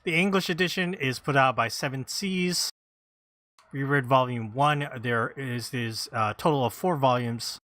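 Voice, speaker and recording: A man hosting a casual podcast, reading credits and blurbs in a halting, self-deprecating way. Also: medium pitch, bright, forceful tone, dry recording. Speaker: podcast host.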